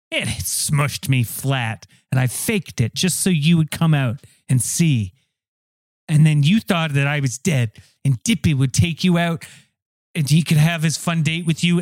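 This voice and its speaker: A man's voice: a little high, no room sound, close to an everyday voice. A man voicing a blunt wife who faked her death, impatient and over-explaining, in a raised voice. The sound is dry and close. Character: woman faking her death, exasperated and blunt. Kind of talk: improvised comedy scene.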